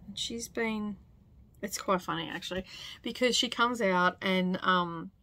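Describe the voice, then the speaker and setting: A woman's voice: mid-range voice, unhurried, bright, forceful tone, no room sound. Aussie lady in her 40s rambling chatty about her sewing room, dry close sound. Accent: Australian. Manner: chatty and rambling, many fillers, with little laughs. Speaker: sewing vlogger. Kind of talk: casual chat. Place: home sewing studio.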